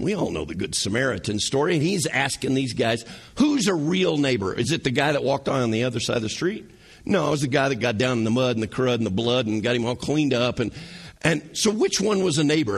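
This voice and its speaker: A man preaching a sermon as pastor, animated, asking the congregation rhetorical questions and using sarcasm. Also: medium pitch, husky.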